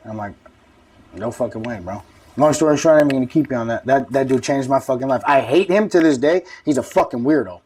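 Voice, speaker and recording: A rapid-fire man in his thirties tells his story in loose, profane street slang. He sounds a little distant from the mic. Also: medium pitch, a little mellow, husky. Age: 30s. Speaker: guest. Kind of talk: casual street-talk storytelling.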